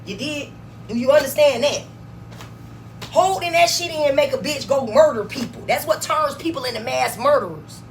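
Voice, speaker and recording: Loud profane woman ranting into a phone. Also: high-pitched, normal speed, recorded from a distance, a little hiss or hum, poor audio. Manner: blunt, swearing, swings between mutters and loud bursts. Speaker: vlogger. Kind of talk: profane rant to camera.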